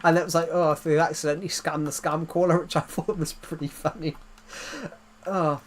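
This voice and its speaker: A man's voice: on the high side, steady tone, brisk, a little hiss or hum. A man chatting casually while streaming a game, telling rambling anecdotes and laughing at his own jokes.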